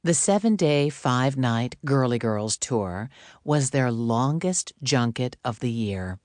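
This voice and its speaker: Slow, deliberate woman narrator. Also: a bass voice, lively intonation, darkish tone, dry recording, clean studio sound. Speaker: audiobook narrator. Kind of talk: scripted narration.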